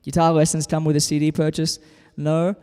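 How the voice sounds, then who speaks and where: A man's voice: on the high side, brisk, clean tone, in a large hall. A man from Australia whose accent carries a slight Southern US drawl, chatting casually and reading out comments as he hosts a live guitar show from home. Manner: relaxed, chatty, reads out viewer comments. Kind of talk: casual livestream chat between songs.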